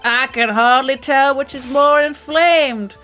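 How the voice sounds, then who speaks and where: A woman voicing a pompous older male lawyer, booming and drawn out. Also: slow, a bit bright, faint music behind.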